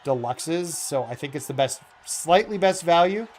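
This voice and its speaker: A man's voice: a little high, lively intonation, normal speed, darkish tone, slight background noise. Rambling, earnest male game streamer. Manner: rambling, full of "um" fillers and self-corrections; earnest and heartfelt. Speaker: gaming streamer. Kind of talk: casual live-stream chat.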